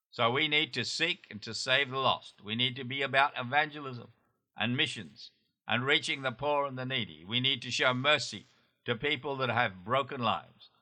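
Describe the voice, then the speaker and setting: A male pastor delivers a sermon in an earnest, urging manner. His voice has a very bright, forward tone at a middle pitch. He leads a prayer slowly, line by line. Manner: earnest, exhorting, repeats prayer lines slowly. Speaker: pastor, show host.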